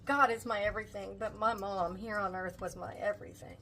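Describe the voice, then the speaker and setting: An older woman vlogs casually as she cooks in her home kitchen, tender and emotional with her viewers. Her medium-pitched voice is fairly even in intonation, a little fast, pushed and bright, and the poor audio has slight background noise.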